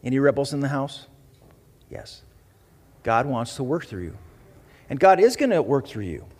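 A man preaching as pastor to his church, with an animated delivery, rising for emphasis and slowing for dramatic pauses. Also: mid-range voice, big-room sound, slight background noise. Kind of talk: sermon. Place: church sanctuary.

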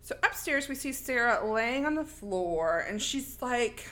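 A woman's voice: on the high side, expressive, measured pace, fairly bright tone, faint music behind. A woman host animatedly retelling a movie plot in casual chat, acting out the characters' lines as she goes.

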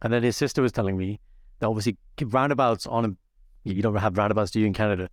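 Hyped up young podcast guy, talks super fast, dry close mic. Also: fairly low pitch, no echo. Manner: energetic, animated storyteller. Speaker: podcast co-host. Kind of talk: casual chat.

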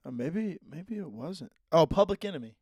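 A young man co-hosting a podcast in relaxed, agreeable casual chat. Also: a little high, moderate pace, no room sound, clean studio sound. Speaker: podcast co-host.

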